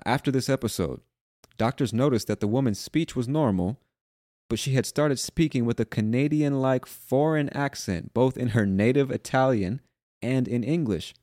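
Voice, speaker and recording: An American man hosting an English-learning podcast, reading a news article aloud and patiently explaining vocabulary, often repeating an idea in several ways and slowing down to stress key words. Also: lowish voice, dark tone, dry recording, clean studio sound. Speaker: English teacher podcast host.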